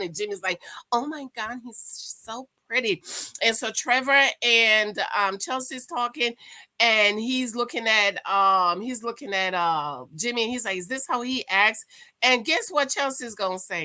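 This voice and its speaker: A woman vlogging at home, giving a chatty, excitable recap of a reality dating show straight to her viewers. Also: a little high. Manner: gossipy, excitable, talks straight to viewers as "girl". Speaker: YouTube host reviewing a reality dating show. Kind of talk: casual chatty recap to camera. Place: at home indoors.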